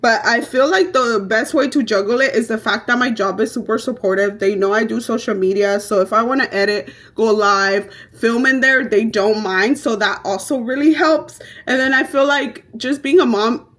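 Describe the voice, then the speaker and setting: A woman's voice: on the high side, moderate pace, few pauses. Brash, foul-mouthed young woman vlogger. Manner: brash, profane, animated storytelling. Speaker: beauty vlogger. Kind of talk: casual get-ready-with-me chat.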